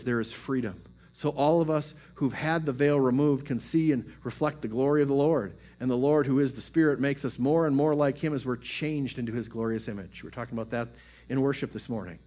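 A man's voice: medium pitch, fairly quick, dark tone. A male pastor giving a conversational sermon, repeating phrases and building emphasis with informal asides.

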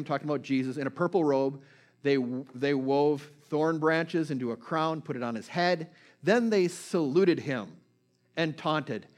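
Male preacher, slightly raised pitch, talky sermon delivery that checks in with the congregation. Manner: conversational, checks in with listeners; retells scripture stories with feeling.

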